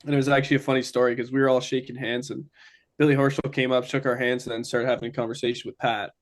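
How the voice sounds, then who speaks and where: A man's voice: medium pitch, flat delivery, fast talker. Chatty young guy telling stories. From Ontario, Canada. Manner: chatty, many fillers. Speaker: guest. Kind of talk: casual storytelling.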